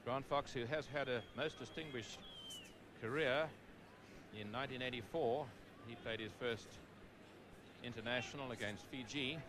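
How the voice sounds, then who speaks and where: A middle-aged man giving live rugby play-by-play commentary, calm for background facts and rising to excited calls at big moments. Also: medium pitch, moderate pace, background noise.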